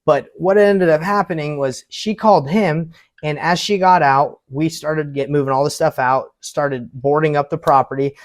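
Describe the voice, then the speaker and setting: A man's voice: fairly high pitch, steady tone, normal speed, hardly any pauses. A man who invests in real estate, casually telling a story to camera and acting out the people in it.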